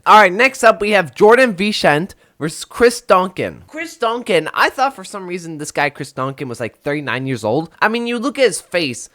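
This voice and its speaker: A man's voice: a little high, fairly bright tone. A young man hosting a casual video of fight predictions, rambling with lots of fillers and self-corrections. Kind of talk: casual solo prediction talk.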